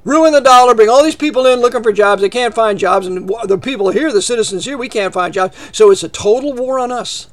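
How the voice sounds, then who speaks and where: A man's voice: extremely high pitch, brisk, few pauses. A man preaching a fiery political sermon, heated and sarcastic, rambling with restarts.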